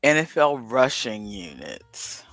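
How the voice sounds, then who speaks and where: Man, casual livestream co-host, talks to himself while puzzling, bouncy pitch, bright forward tone. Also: sing-song, slow, no echo, faint music behind. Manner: rambling, talks to himself while solving a crossword. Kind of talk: casual chat, thinking aloud.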